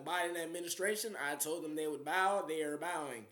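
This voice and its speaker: Grandiose young man rambling to the camera in a high, bright voice, with a roomy echo around him. He repeats himself and leans on fillers, then stretches certain words out slowly for weight. He sounds defiant and sure of his own importance. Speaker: self-styled spiritual leader addressing world leaders.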